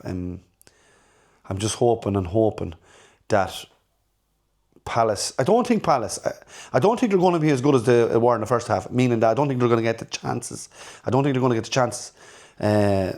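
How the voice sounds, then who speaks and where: Low-voiced man in casual rambling talk. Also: a little mellow. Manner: rambling, repeats words, frank and blunt. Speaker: football fan channel host. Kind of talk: casual fan reaction chat.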